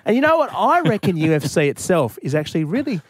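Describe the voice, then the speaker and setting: A man's voice: high voice, very animated, fast, dry recording. An Australian man hosting a radio comedy show, joking around with mock-serious bravado. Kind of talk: radio banter. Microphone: studio mic.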